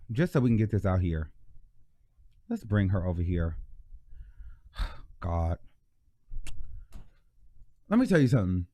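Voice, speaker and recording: A man's voice: on the low side, very animated, slow pace, long pauses, mellow, no echo. A man hosting a live gossip stream with sassy, blunt commentary. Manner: sassy, mock-preaching, blunt. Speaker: host of a live gossip show.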